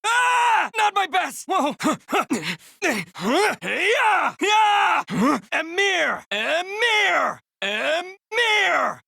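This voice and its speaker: An actress playing a calm young mercenary teacher who speaks in measured, instructive lines in a video game. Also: female voice, very high voice, vocal fry, dry recording, studio quality, full character voice.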